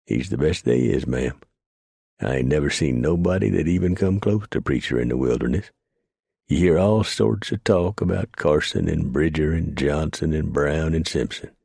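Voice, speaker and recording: A man's voice: very deep voice, gravelly, mellow, breathy edge, no room sound, studio quality, heavily acted. A man doing an old frontiersman spinning tales in dialect. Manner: rambling backwoods dialect. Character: admiring old frontiersman storyteller.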